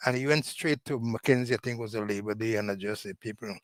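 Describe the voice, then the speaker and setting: A man's voice: on the low side, fast talker, no room sound. A man, a guest commentator, recounting past political events in a chat. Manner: storytelling, recounting.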